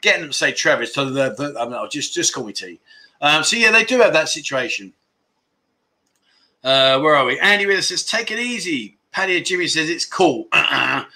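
Bright-voiced jokey man hosting a live chat. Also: fairly high pitch. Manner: jokey, scattered, chatty, laughs at own mistakes. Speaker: livestream host. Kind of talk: casual live chat reading viewer comments.

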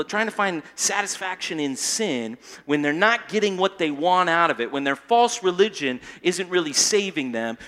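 A male pastor giving an animated, conversational sermon, often tagging his points with "okay?". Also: high-pitched.

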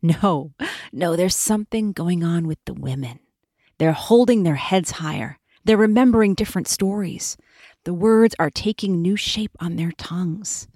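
A bold ancient goddess, read aloud by a woman teases and holds forth with spirit. Her voice sits a little low, recorded dry and close. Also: measured pace, dark tone, slightly rough, dry recording. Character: lively, teasing ancient female goddess, confident.

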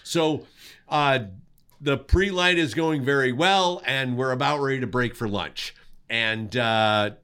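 A man co-hosting a podcast, telling a work story in an animated way and acting out the sounds. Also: medium pitch, takes it slowly, clear, resonant tone. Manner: animated, makes sound effects while telling stories. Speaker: co-host, cinematographer. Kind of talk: casual storytelling.

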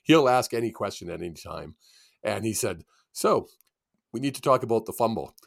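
A man's voice: fairly low pitch, moderate pace, gravelly. A man co-hosting a casual sports podcast, laughing often as he tells stories. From Canada. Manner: laughs often, lively storytelling. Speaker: podcast co-host.

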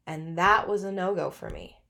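A woman's voice: fairly low pitch, moderate pace, gravelly, sharp tone. A middle-aged woman hosting a podcast, telling her own story in a candid, chatty way and often laughing mid-sentence. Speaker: podcast host. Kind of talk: personal storytelling monologue.

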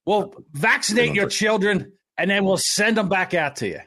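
A man's voice: high-pitched, animated, moderate pace, bright, forceful tone, voice pushed up, full character voice. A man voicing a brash male Australian official, in a put-on Australian accent, with a bossy, breezy way of talking.

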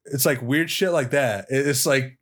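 A man's voice: mid-range voice, moderate pace, a bit bright, soft background music. A young man co-hosting a podcast in casual chat, rambling, laughing often and swearing freely. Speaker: podcast co-host.

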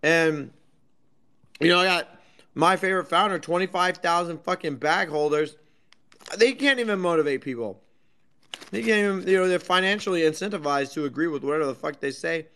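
A man's voice: a little high, fairly quick, fairly bright tone, smooth. A man co-hosting a crypto podcast, ranting sarcastically and swearing a lot in casual banter. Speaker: podcast co-host.

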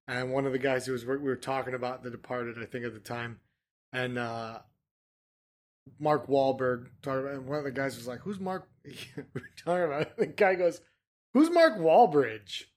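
A man of average pitch co-hosts a casual podcast chat. He tells rambling stories and swears freely, talking loosely and easily. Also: steady tone, a little fast. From Michigan. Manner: profane, rambling storyteller. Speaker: podcast co-host.

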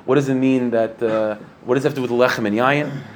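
A man teaches a Torah class in an earnest, explanatory way, asking rhetorical questions and filling pauses with frequent fillers. His voice sits at a middle pitch. A faint hiss of noise runs underneath. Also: steady tone. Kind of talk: Torah lecture.

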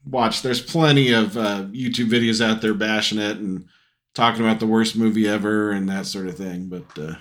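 Rambling middle-aged podcast dad. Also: male voice, fairly low pitch, fairly even intonation, moderate pace, fairly bright tone. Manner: rambling, hesitant, many fillers. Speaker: podcast co-host, father. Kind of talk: casual chat.

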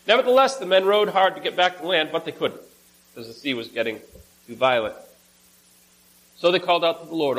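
Man, preacher, reads scripture aloud, casual asides, somewhat high voice. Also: lively intonation, brisk, pauses often, fairly bright tone, rough recording. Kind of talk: sermon reading scripture aloud.

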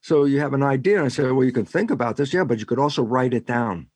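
In an interview, an older man who writes and does science lays out his ideas, animatedly voicing both sides of made-up exchanges. His voice is mid-range and quick, recorded with no echo.

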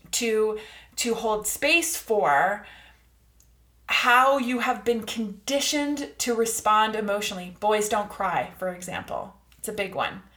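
A woman hosting a reflective self-help talk, calm and earnest, often checking in with her listeners and slowing down to stress key words. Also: medium pitch, roomy sound. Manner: calm, earnest, coaching tone with frequent "all right?" check-ins; slow, drawn-out emphasis on key words. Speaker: podcast host.

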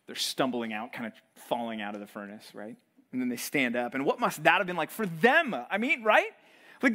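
A man preaching to college students in a fairly high voice. He tells the story in an animated way and slips into playful voices for the people in it. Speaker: pastor.

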